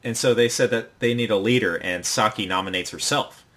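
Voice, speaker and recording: A young man co-hosting a podcast, casually recapping an anime episode in a rambling way and acting out the characters' lines in quick put-on voices. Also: on the low side, fairly bright tone. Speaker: podcast co-host.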